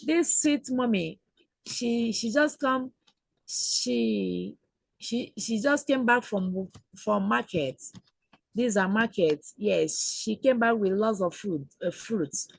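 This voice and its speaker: A woman teaching Igbo words to children in a webinar, repeating phrases slowly and patiently. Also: on the high side, vocal fry, breathy edge, no echo, low-quality recording. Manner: slow, repetitive teaching with drawn-out Igbo phrases. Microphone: computer mic on a video call.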